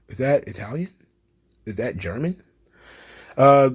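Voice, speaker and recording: A man's voice: mid-range voice, animated, unhurried, pauses often, slightly rough. A man hosting a casual commentary video, reading tweets aloud and mocking them with laughter and profanity. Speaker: commentary channel host.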